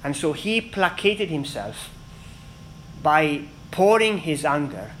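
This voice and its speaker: A man preaching a sermon in an earnest, emphatic way, with dramatic pauses between phrases. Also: on the high side, big pitch swings, slight background noise, poor audio.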